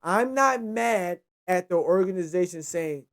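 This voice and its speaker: A young man hosting a casual solo football recap, rambling and excitable, with frequent profanity. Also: sits high, moderate pace, few pauses. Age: young adult. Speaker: sports show host.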